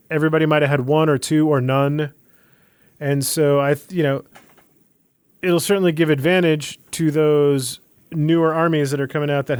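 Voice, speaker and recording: A man's voice: fairly high pitch, clear, resonant tone. A man co-hosting a casual podcast, explaining game rules in a hesitant way with lots of fillers. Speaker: podcast co-host. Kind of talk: casual podcast chat about a tabletop game.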